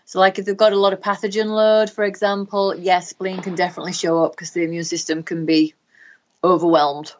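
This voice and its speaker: A woman's voice: lowish voice, little pitch movement, a little fast, highs cut off. A woman with a Northern English accent, a guest practitioner explaining health topics in a podcast interview, talking in long runs full of ums.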